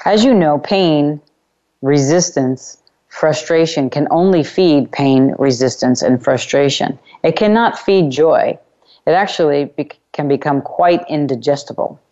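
A woman hosting a self-help call-in radio show, speaking in unhurried, emphatic phrases and repeating chanted clearing phrases. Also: low voice, warm tone, dull audio.

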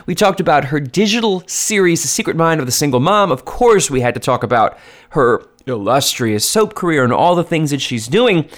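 A man hosting a podcast, introducing clips and interviewing a guest in a lively, animated way. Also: fairly high pitch. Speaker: podcast host. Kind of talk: podcast countdown narration and interview.

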